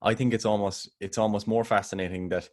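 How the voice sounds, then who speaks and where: Man, very deep voice, podcast co-host, casual rambling chat, restarts, laughs. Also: steady tone, quick pace.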